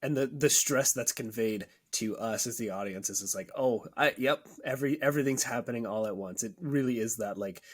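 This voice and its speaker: A man's voice: fairly low pitch, fairly quick, hardly any pauses, slightly rough. A man co-hosting a podcast, giving thoughtful comments about a film. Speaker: podcast co-host. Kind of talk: casual movie discussion.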